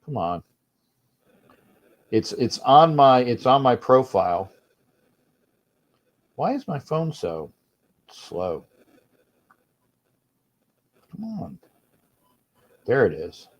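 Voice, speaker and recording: A man's voice: mid-range voice, sing-song, takes it slowly, long pauses, lo-fi sound. A man hosting a casual livestream from home, grumbling and irritated, often repeating and restarting his phrases. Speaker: livestream host.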